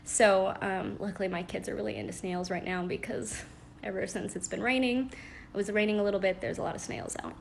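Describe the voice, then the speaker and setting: A young adult woman giving parenting advice in a casual live-stream chat, practical and chatty with soft laughs and fillers, talking into a phone at home. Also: medium pitch, fairly quick, gravelly, a little hiss or hum.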